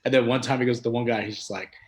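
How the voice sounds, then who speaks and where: A man's voice: medium pitch, steady tone, very fast. A man hosting a casual sports podcast, easygoing, laughing often and moving the talk along.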